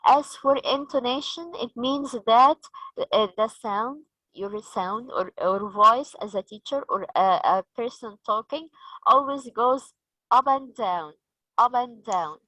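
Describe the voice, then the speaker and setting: A woman with an Egyptian accent leading a teacher training session, slow and patient, asking the group questions. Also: on the high side, sharp tone, no echo, poor audio.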